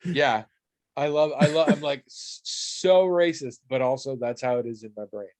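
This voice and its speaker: A man's voice: mid-range voice, moderate pace, a little mellow, no room sound. A man hosting a casual podcast, talking in a sarcastic, mock-grumpy way and swearing freely. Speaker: podcast host.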